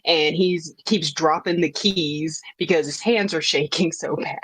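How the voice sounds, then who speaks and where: A woman's voice: low voice, unhurried, a bit bright, slightly rough, no room sound. A woman co-hosting a casual podcast chat, recapping a show in a rambling way that often trails off and restarts. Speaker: podcast co-host.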